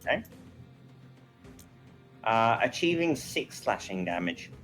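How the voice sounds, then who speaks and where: A man's voice: medium pitch, sing-song, slow, fairly bright tone, soft background music, rough recording. A man narrating a tabletop game as game master, in a meandering way with many fillers.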